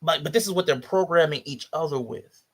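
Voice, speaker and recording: A man's voice: a little high, fairly quick, fairly bright tone. A man hosting a podcast, giving blunt, disdainful commentary on video clips and repeating his points for emphasis. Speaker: podcast host.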